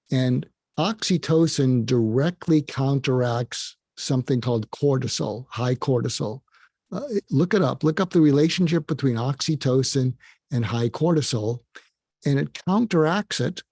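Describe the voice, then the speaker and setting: A man speaks as an expert panelist with a gravelly, mellow voice. He explains step by step, pausing on fillers and restarting phrases. The sound is close and dry. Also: mid-range voice, no echo. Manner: acts out short quoted exchanges in a raised voice.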